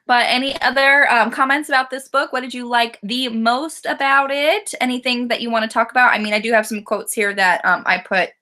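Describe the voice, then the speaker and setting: A young woman co-hosting a casual book club chat, with a bright, sharp voice pitched somewhat high. She sounds enthusiastic and giggly, leaning on lots of filler words. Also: moderate pace. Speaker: co-host.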